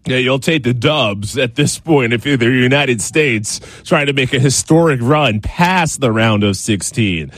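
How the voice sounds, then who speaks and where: A male sports anchor reads his scripted lines in a brisk, measured way. His voice is middle-pitched and recorded dry and close, with no room sound. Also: fairly bright tone, dry recording. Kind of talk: scripted news reading.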